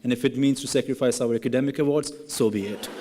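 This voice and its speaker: A man's voice: mid-range voice, steady tone, quick pace, dark tone. A young man, a graduating student, giving an earnest and teasing ceremony speech at a podium microphone in a large hall. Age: young adult. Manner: earnest, then playfully teasing classmates. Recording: reverberant hall.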